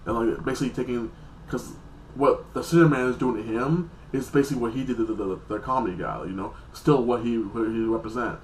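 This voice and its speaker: A man's voice: medium pitch, fast talker, darkish tone, reverberant, a little hiss or hum, low-quality recording. A man casually recapping a TV episode in a rambling, loose way, with heavy use of filler words. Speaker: TV episode reviewer.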